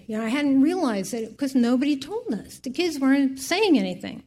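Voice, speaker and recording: A woman's voice: high voice, animated, moderate pace, a little mellow, soft background music. An older woman giving a heartfelt personal faith testimony, rambling through her story with many asides.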